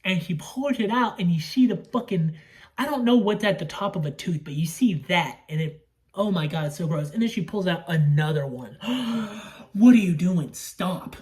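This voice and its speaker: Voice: medium pitch, expressive, normal speed, a little mellow. A young adult recapping a horror movie in a casual, rambling way, swearing often and breaking into grossed-out outbursts. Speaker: movie reviewer.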